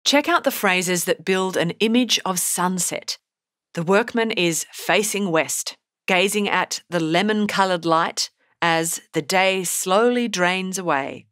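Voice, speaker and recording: A woman teacher giving a scripted poetry lesson in a measured, explanatory way. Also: fairly low pitch, fairly bright tone, no echo, studio quality. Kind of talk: scripted narration.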